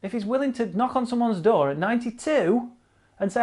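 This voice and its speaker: A man's voice: very high voice, lively intonation, a little fast, a little mellow. A man hosting casual online cycling news commentary, blunt and sarcastic, swearing freely and repeating himself for emphasis.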